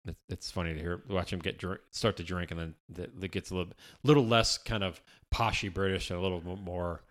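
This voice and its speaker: A man with a fairly low voice hosts a relaxed podcast chat from an office. He rambles, restarts his sentences and swears casually. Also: a little fast. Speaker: podcast host.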